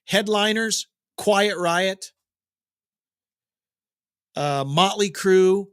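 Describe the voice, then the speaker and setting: Man, middle-aged, rock news host, rambling jokey chat, higher voice, dry close sound. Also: drawn-out words, a bit bright, smooth, no echo. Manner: chatty, jokey, digressive. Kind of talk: casual rambling commentary.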